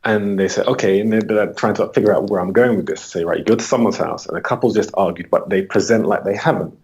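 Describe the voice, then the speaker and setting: This lo-fi recording features a UK holistic coach with a husky, slightly mellow voice and a quick pace as he answers interview questions. His pitch rises whenever he acts out exchanges with clients.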